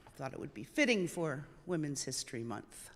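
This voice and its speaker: A worship service leader, chatty in the announcements and measured in poetry readings, on an online church service. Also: mid-range voice, big pitch swings, a bit bright, long reverb tail. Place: online church service over a video call.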